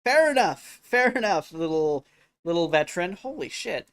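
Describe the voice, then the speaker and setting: A male streamer reacting to videos with excitable, exclamatory commentary and frequent swearing. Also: sits high, normal speed, clear, resonant tone. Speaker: streamer host.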